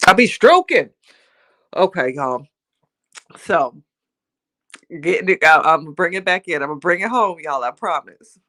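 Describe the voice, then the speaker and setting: A woman's voice: deep voice, moderate pace, pauses often, bright, forceful tone. Chatty laughing older woman livestreaming. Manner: chatty, laughs often, talks straight to viewers; playful, teasing, self-mocking. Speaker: livestream host. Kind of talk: casual motivational livestream chat.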